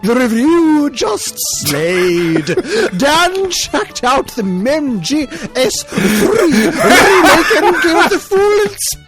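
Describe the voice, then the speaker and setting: A man doing an exaggerated Gen Alpha teen, squeaky and giggly, stretching out every slang word. The voice sits far above his own and swoops wildly, like a goofy comic promo. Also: big pitch swings, slow pace, few pauses, music in the background, full character voice. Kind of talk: comedic mock promo.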